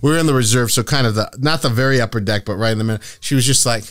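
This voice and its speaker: Male podcast host, comic storyteller, profane, excitable, prone to loud outbursts. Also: mid-range voice, racing, no echo, clean studio sound. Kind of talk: casual comedic podcast chat.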